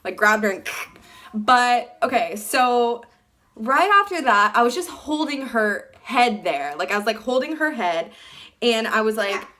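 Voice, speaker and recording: A young woman telling a personal story to camera in casual chat, animated and full of "like", acting out what people said. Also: on the high side, a little slow. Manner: animated, fillers like "like" throughout, acts out quotes. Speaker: vlogger.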